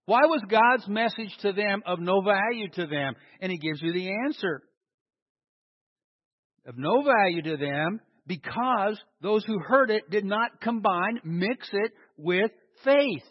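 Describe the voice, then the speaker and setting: High, husky preacher in an echoey hall. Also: male voice, animated, measured pace. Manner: asks rhetorical questions and answers them himself; emphatic, stressing single words. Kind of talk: sermon. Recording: echoey hall, dull lo-fi sound.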